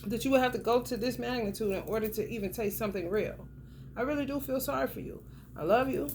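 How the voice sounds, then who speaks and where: A woman's voice: fairly high pitch, fast talker, a little mellow, a little hiss or hum. A woman giving a casual tarot reading to the camera, blunt and profane, talking straight at the viewer with lots of emphasis. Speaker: tarot reader.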